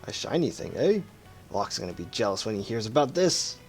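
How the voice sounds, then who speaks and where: A man's voice: on the low side, sing-song, brisk, breathy edge, soft background music, exaggerated voice. Casting: a blunt, teasing strongman in a game read-aloud, as a man puts him on. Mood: wry. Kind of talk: video game dialogue read aloud with voices.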